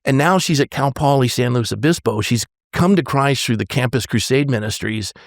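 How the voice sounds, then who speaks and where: A man in his sixties, a pastor, telling a personal story on a podcast in an earnest, halting way, often restarting and quoting dialogue. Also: mid-range voice, expressive, no room sound, studio quality.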